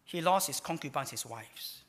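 Male pastor, emphatic sermon delivery, voice a touch high, hall echo. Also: lively intonation, normal speed. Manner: emphatic preaching, with sudden swings between loud and hushed. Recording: hall reverb.

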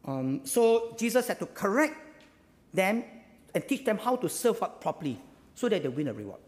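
A man with a Singaporean English accent gives a sermon in a church hall, his voice sitting high and swinging widely up and down. He keeps it chatty, tags phrases with "ah" and "lah" and throws out rhetorical questions. A long reverb trails behind every phrase. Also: very animated, normal speed, darkish tone. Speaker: pastor.

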